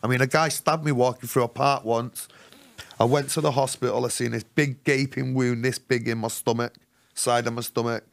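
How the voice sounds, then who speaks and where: A man with a gravelly, creaky voice, recounting his own life story as a podcast guest. He talks in casual slang and animates his story by acting out the voices of others. His pitch sits in an ordinary middle range. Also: fairly even intonation, moderate pace. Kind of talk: storytelling interview.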